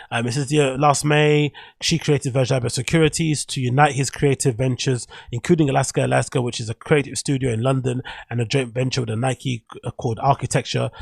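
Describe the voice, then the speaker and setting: A man's voice: mid-range voice, creaky, breathy edge, no echo. A man hosting a podcast, rambling through casual, opinionated commentary and reading an article aloud with stumbles and self-corrections. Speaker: podcast host.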